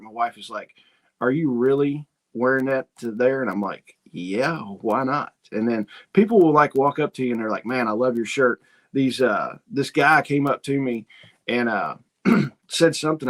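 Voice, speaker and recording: The host of a homesteading channel chats casually on a livestream, reads out viewer comments and spins rambling, folksy tales full of quoted asides. He has a mid-range voice that is a bit bright.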